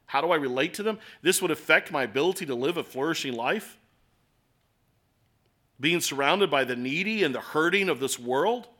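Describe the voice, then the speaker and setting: A man's voice: fairly high pitch, pushed and bright. A man with an American accent preaching a sermon in an earnest, conversational way, full of rhetorical questions. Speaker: pastor.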